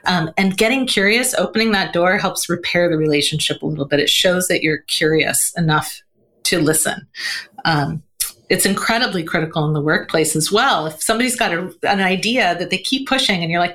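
A woman talking as a guest on a podcast interview, animated and laughing often, with lots of "um" and "you know". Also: on the low side, brisk. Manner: animated, acts out quoted voices, laughs often; frequent fillers like "um" and "you know". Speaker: guest, communication coach.

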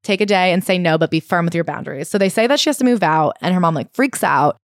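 A young adult woman co-hosting a podcast casually retells a memoir, animatedly acting out the quoted voices. Her voice is on the low side and quick-paced, recorded dry with studio quality.

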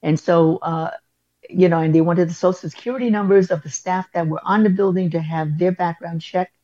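A woman's voice: lowish voice, steady tone, a little fast, mellow, dry recording, lo-fi sound. A woman school principal, telling a story in an interview with many fillers and restarts.

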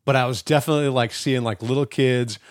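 A man in his forties co-hosting a podcast, telling stories in a casual, animated way, swearing freely and acting out the voices he quotes. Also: mid-range voice, quick pace, dry recording, studio quality. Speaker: podcast co-host. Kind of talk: casual chat.

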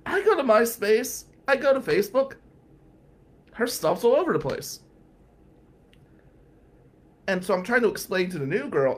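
A man telling a story on a radio talk show, animated and acting out the voices of the people he quotes. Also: sits high, unhurried, long pauses. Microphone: studio microphone.

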